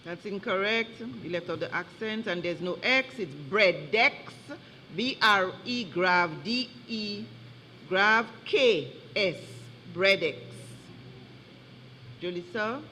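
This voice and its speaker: A man working as a spelling bee pronouncer, reading each word in a measured, formal way and repeating it clearly. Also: sits high, pushed and bright, a little hiss or hum. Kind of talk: reading out words for a spelling contest. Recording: reverberant hall with faint murmur.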